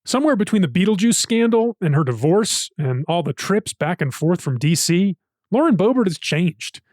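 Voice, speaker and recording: A man, the show's producer, narrating a scripted recap in a steady, explanatory way. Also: high voice, normal speed, dry recording, clean studio sound. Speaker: podcast producer.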